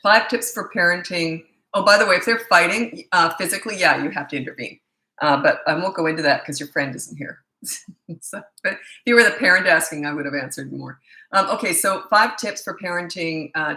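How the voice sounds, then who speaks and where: A woman's voice: on the low side, pushed and bright, echoey room. A middle-aged woman parenting coach reading viewer questions and answering them in a blunt, opinionated, casual way.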